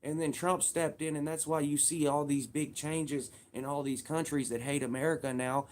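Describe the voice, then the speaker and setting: Thirties man with a slightly high voice, heated and profane, talks straight at the camera. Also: steady tone, normal speed, a little hiss or hum. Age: 30s. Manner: profane, heated, repetitive, emphatic. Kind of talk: casual political rant.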